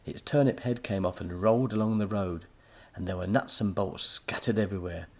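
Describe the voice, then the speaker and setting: An audiobook narrator with a low, husky male voice reads a scripted children's story at a brisk clip. His storytelling is expressive.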